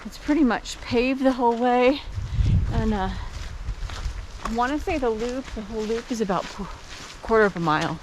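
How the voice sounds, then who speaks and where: An older woman chatting casually as she films a hike on a forest trail and points out the sights. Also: a little high. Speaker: vlogger. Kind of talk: casual hiking vlog narration. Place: outdoor forest trail by roaring water. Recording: outdoor camera audio with clear rushing-water noise.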